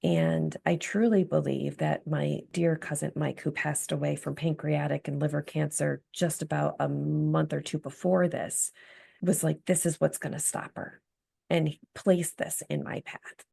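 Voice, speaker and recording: A woman's voice: deep voice, fairly even intonation, measured pace, vocal fry, mellow, husky. A woman guest, an empowerment coach, telling her personal story of recovery in an earnest, reflective way. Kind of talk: candid personal story in interview.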